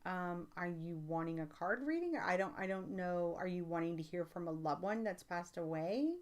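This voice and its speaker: An American woman with a somewhat low-pitched voice chats with her live-stream viewers as a psychic reader. She rambles in a loose, casual way, dotted with fillers, and she gets emphatic when something excites her. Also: normal speed. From United States. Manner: chatty and rambling, with many fillers. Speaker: livestream host and psychic reader. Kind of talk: casual livestream chat, answering viewer comments.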